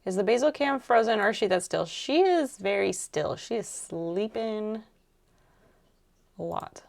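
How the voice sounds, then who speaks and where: Soft-spoken gravelly woman streamer. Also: mid-range voice, expressive, a little slow. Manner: rambling, soft-spoken, thinking aloud. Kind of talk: casual chat while crafting.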